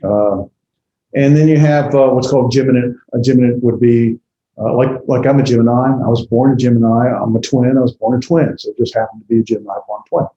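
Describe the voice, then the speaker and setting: A man's voice: mid-range voice, fairly even intonation, a little fast, dark tone, reverberant, lo-fi sound. A man teaching a class in a rambling way, with many fillers and restarts, tired after a long day. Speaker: instructor. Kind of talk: classroom lecture.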